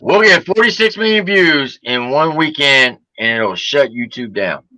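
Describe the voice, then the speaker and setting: A man's voice: medium pitch, a little slow, no room sound, rough recording. A man co-hosting a casual chat, telling stories with energy and mimicking friends. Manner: animated storyteller, mimics friends' voices. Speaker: co-host.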